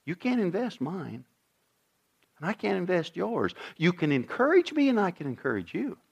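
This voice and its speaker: Animated male pastor preaching. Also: high-pitched, normal speed, creaky, husky. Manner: dramatic shifts in volume, acting out voices; direct questions to the congregation. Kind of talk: sermon.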